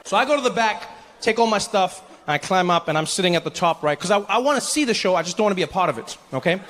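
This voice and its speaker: A man in his forties telling a stand-up story, animated and self-mocking, acting out the scenes. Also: high-pitched, rapid-fire. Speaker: stand-up comedian.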